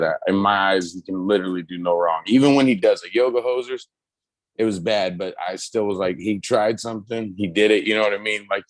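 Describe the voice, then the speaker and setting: A man co-hosting a casual pop culture chat, talking loosely with lots of swearing and excited retelling. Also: lowish voice, no echo. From United States. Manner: loose, profane, excitable storytelling. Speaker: podcast co-host.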